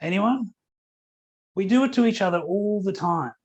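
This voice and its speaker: A man's voice: high voice, animated, moderate pace, a little mellow, lo-fi sound. A man giving a motivational keynote at a company conference, telling stories in a conversational way, with fillers. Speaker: keynote speaker.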